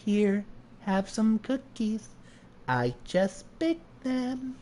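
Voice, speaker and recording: A man voicing a gentle, motherly elderly woman, speaking softly and quietly. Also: high-pitched, big pitch swings, extremely slow, very noisy, full character voice. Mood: sweet.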